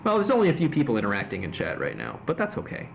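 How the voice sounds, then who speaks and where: A man hosting a stream, chatting casually with jokes, swearing and quick asides. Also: medium pitch, huge pitch swings, gravelly, faint music behind. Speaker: streamer host.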